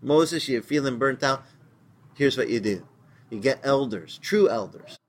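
A man's voice: mid-range voice, lively intonation, measured pace. A male pastor giving a casual, conversational sermon in plain, slangy words, acting out the voices he quotes as he tells the story.

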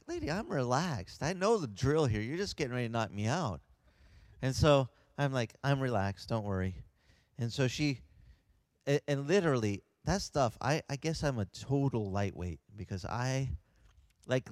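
A man who is a pastor, telling a lively personal story and acting out the voices of the people in it. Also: medium pitch, dry recording. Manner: animated, acts out voices of others. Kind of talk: storytelling anecdote.

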